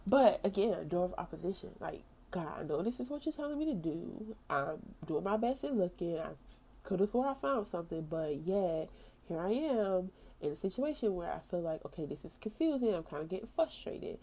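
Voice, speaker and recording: Animated woman telling a faith story. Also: fairly low pitch, brisk, husky. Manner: animated storytelling, acting out her own past thoughts; casual, slangy, with frequent "like" and laughs. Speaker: podcast host. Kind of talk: faith podcast talk.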